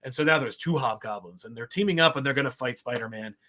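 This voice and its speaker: Talking fast in a medium-pitched, pushed, bright voice, this podcast co-host rambles through a casual comic book review. He comes across wry and exasperated.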